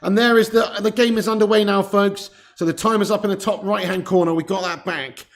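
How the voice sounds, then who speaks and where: Brief: male streamer hosting a football watch-along, gravelly and excitable, casual and sweary. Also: sits high, a little fast. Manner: excitable and chatty, casual swearing, greets chat viewers.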